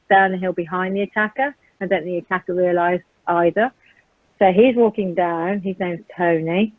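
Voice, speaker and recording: Over a tinny phone line with a dry sound, a guest with a British accent and medium-pitched voice recounts a violent attack. She speaks earnestly and vividly in the present tense, saying um a lot as she talks through it.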